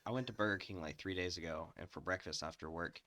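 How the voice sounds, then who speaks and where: A man's voice: deep voice, fast, bright, forceful tone, dry recording, clean studio sound. A man co-hosting a podcast, starting his story with hesitant restarts before playing out each voice in it. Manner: hesitant starts, then acts out every voice. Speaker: podcast co-host. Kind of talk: casual storytelling.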